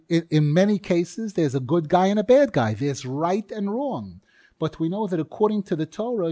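A man's voice: a little high, mellow, no room sound. A man teaching a Torah class in an earnest, emphatic way, stressing key phrases by repeating them.

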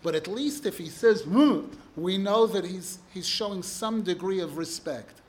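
A man's voice: high-pitched, normal speed. A man teaching a religious text class, who reads passages in Hebrew and then explains them with rising emphasis. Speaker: Torah teacher.

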